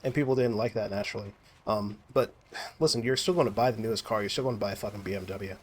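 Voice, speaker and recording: A man's voice: lowish voice, fast. A young man rambling and swearing through commentary while playing a game. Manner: profane, rambling, many restarts. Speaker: gaming streamer. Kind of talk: rambling commentary over gameplay.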